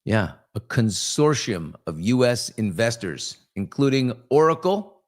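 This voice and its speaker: A man's voice: medium pitch, big pitch swings, measured pace. A male host chatting casually on a live morning show. He jokes, rambles, and throws asides to his crew.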